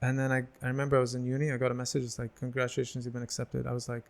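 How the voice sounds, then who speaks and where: Man, 30s, comedian guest, very fast talker, plays out the people in his stories. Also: mid-range voice, vocal fry. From United Arab Emirates. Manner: animated storyteller who acts out other people's lines. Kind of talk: casual podcast storytelling.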